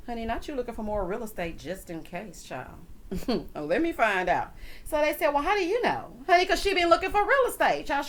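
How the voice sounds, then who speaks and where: A woman recapping a reality show in a sassy, animated chat, calling people honey and child. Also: on the high side. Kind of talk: casual recap commentary.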